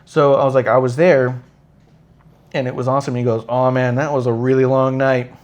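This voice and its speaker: Speaking a little fast in a level, slightly mellow mid-range voice, a man hosts a live podcast. His casual, swear-filled anecdote drifts along as he plays out the quoted dialogue with changing voices.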